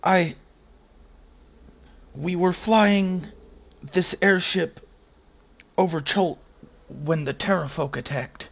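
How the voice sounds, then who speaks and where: A man's voice: high voice, slow pace, vocal fry, pauses often, a bit bright, lo-fi sound, voice pushed up, full character voice. A man voicing a weak, stranded airship captain pleading for help from the branches above.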